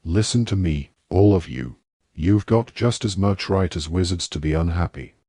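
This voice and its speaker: A man's voice: sits low, normal speed, warm tone, breathy edge, no echo, studio quality. A man voicing a severe, principled teenage girl witch who speaks sternly and insistently.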